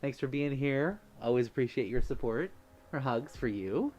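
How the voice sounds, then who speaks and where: A man's voice: medium pitch, animated, moderate pace, slight background noise. Effusive man hosting a livestream. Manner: effusive, thanks viewers warmly, laughs often. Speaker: livestream host. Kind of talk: casual livestream chat.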